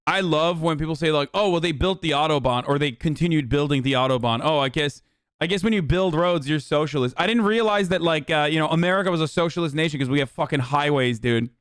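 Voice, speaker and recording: A male streamer with a fairly high, smooth voice, recorded close and dry. He reacts to clips in a casual, blunt way, swearing freely and laughing with scorn. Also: fast talker, fairly bright tone, no echo.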